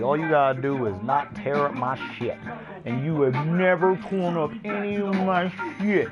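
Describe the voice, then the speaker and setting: A man's voice: on the high side, normal speed. A man in a swaggering, profane, boastful rant, cursing freely. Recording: muffled recording over loud music.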